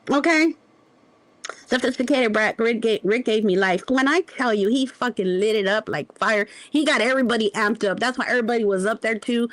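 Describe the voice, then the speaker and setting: A woman with a high voice tears into a rival on her livestream. She sounds profane and confrontational, and she stretches out her insults. The recording is dry and close. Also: a little fast, a bit bright, no echo. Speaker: livestream host. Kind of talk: heated livestream rant.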